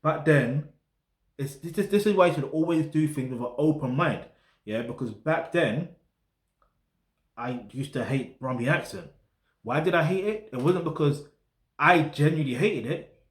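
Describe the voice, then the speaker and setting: A man's voice: fairly high pitch, lively intonation, moderate pace, long pauses, roomy sound. A man with a South London accent, rambling casually to camera as he reviews music, dropping slang tags like "get me" and "yeah". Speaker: music reaction host. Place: flat in a residential block.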